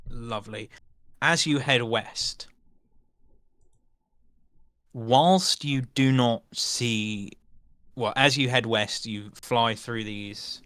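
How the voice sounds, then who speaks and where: A man narrating as game master of a tabletop game, unhurried and often searching for words. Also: mid-range voice, fairly bright tone, smooth, dry recording, studio quality.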